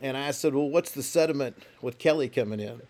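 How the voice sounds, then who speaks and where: A man's voice: mid-range voice, fairly quick, darkish tone. A man talking football in a casual, rambling way, with many restarts. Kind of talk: casual sports talk.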